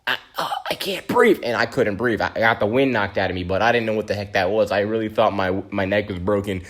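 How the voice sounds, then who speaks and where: Animated man telling a storytime tale. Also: on the low side, fast talker. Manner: animated, dramatic, slangy retelling. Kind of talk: casual storytime monologue.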